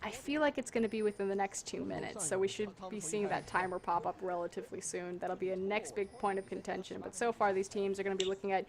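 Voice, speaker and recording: A woman's voice: medium pitch, steady tone, gravelly, a little mellow. A woman casting a live esports match, breaking down team plays and objectives. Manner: analytical, brisk. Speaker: esports caster. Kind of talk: live play-by-play commentary.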